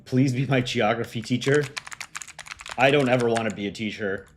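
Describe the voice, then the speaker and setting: A young American man chatting casually on a live stream as its host, relaxed and full of ums and likes. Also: medium pitch. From United States. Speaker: streamer and voice actor.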